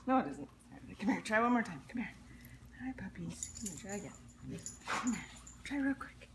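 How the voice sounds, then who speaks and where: A woman's voice: medium pitch, lively intonation, moderate pace, fairly bright tone. A woman at home coaxing her dog, with a giggly, pet-talk manner. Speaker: pet owner. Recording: noisy home camera recording.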